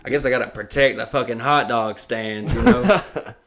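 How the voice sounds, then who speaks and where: A man's voice: mid-range voice, big pitch swings, normal speed, a bit bright. A man co-hosting a podcast, telling stories casually, swearing and laughing often and acting out the people he quotes. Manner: profane storyteller, laughs often, acts out quotes. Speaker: podcast co-host.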